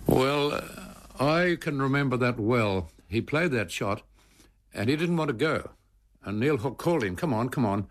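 A man's voice: mid-range voice, expressive, moderate pace. An older Australian man, a former cricketer, telling anecdotes in an emotive way and often repeating words as he speaks. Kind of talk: anecdotal storytelling.

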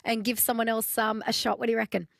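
An Australian woman hosting talkback radio in a casual, friendly way, chatting easily with callers. Her mid-pitched voice has a gravelly edge, and the studio sound is dry and close. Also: little pitch movement, fast talker, a bit bright, no room sound. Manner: friendly, chatty, laughs often. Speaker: radio host.

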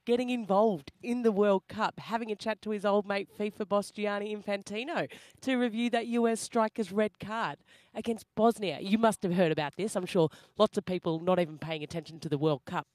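A woman's voice: medium pitch, steady tone, darkish tone, dry recording. A woman with an Australian accent, a field reporter doing a chatty live cross on radio. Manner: chatty and laughing, quick asides. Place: at a roadside hotel.

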